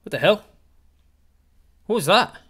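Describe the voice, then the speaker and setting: A man's voice: sits high, expressive, unhurried, a bit bright, breathy edge, voice pushed up, full character voice. A man voicing a confused, panicking adventurer who stammers and fires off questions. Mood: panicked. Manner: frantic, stammering, repeated questions.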